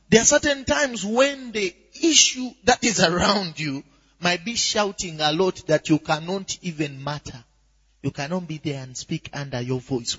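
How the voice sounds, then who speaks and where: A man preaching a sermon with lively swings from quiet asides to shouts, often asking if the crowd is with him. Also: high-pitched, husky. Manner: animated, rising to shouts, asks "are you with me?". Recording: dull echoey hall recording.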